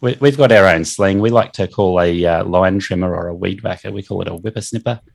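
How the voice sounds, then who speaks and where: A middle-aged Australian man with an Australian accent speaks low and deep. His voice is gravelly and a little husky. He talks in an easygoing, joking way, like a guest on a casual chat show. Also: fairly quick. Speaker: podcast guest, lawn care business owner.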